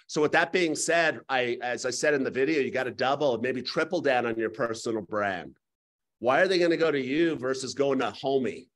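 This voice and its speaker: A middle-aged man teaching a live real estate class, talking in a folksy way and telling stories with quick asides. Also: mid-range voice, a bit bright. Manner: folksy, storytelling, rapid asides.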